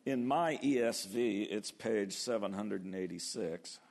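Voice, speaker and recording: A man preaching a sermon, animated, acting out biblical voices and slowing down to stress key words. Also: lowish voice, creaky. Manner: animated, acts out biblical voices, slows for emphasis. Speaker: pastor.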